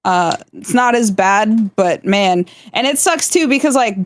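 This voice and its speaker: A woman's voice: medium pitch, lively intonation, a little slow. A woman from South Florida, streaming live and chatting casually, laughing often and swearing freely. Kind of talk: casual chat.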